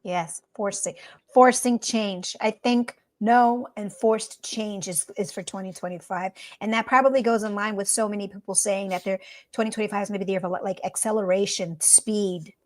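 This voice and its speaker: A woman co-hosting a podcast, talking in a blunt, emphatic and animated way. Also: medium pitch, moderate pace. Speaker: podcast co-host. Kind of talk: casual chat.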